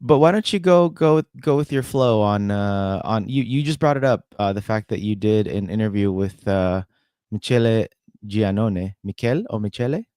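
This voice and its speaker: A man's voice: fairly low pitch, moderate pace, a little mellow, smooth, no room sound, clean studio sound. A man co-hosting a soccer podcast, talking in an easygoing way with joking asides. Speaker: podcast co-host. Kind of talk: casual sports podcast chat.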